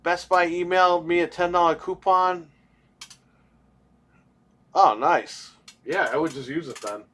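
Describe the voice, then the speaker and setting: A man's voice: on the high side, unhurried, long pauses, sharp tone. A young man co-hosting a gaming livestream, telling rambling stories in casual, profane chat. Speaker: podcast co-host.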